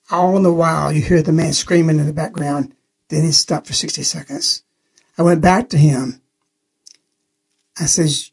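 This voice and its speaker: A man's voice: fairly high pitch, fairly even intonation, normal speed, creaky, a little mellow, slightly rough. A man giving an earnest spoken testimony on a religious radio program, telling the story plainly and repeating key phrases.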